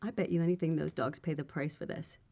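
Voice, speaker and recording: A woman co-hosting a casual chat podcast, telling stories in an animated, quick way. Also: deep voice. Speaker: podcast co-host.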